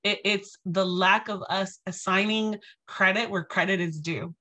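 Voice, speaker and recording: Woman in her 30s giving a talk, bright forceful voice, chatty, keeps saying right?. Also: medium pitch, unhurried. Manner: animated, conversational, tags phrases with "right?". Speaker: guest speaker. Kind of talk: storytelling lecture.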